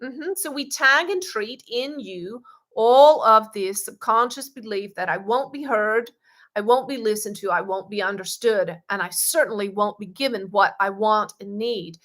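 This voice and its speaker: A woman giving a channeled spiritual teaching. She speaks as a collective "we", calls the listener "dear", repeats phrases, and often murmurs a soft "mm-hmm". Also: mid-range voice, moderate pace.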